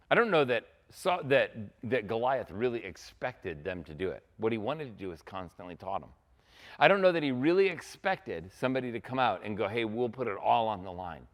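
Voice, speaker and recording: A man preaching a sermon as a pastor, in a casual, conversational way, often checking in with "right?". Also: on the low side.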